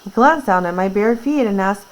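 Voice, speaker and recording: A woman's voice: medium pitch, animated, moderate pace, low-quality recording. Woman teacher, reads a book to her class and chats through it in plain words. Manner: reads aloud, then retells in casual words with fillers. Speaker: teacher reading aloud. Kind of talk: classroom read-aloud with retelling.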